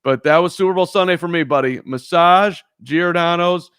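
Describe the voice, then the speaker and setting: A man's voice: a little high, normal speed, a bit bright, clear, resonant tone, no room sound, clean studio sound. A man co-hosting a casual sports podcast, telling a rambling story with lots of restarts. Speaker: podcast co-host. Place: in Chicago.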